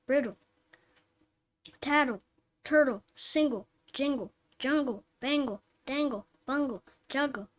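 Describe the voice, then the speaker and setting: High-pitched lady reading phonics words slow and clear, one at a time. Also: a bit bright. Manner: reads word lists slowly and clearly, one word at a time. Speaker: reading teacher.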